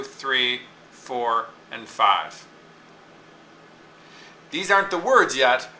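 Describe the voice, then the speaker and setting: A man's voice: mid-range voice, bright, forceful tone, echoey room, a little hiss or hum, low-quality recording. A man teaching a lesson, explaining step by step and often checking in with "okay?". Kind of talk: classroom lecture on poetic meter.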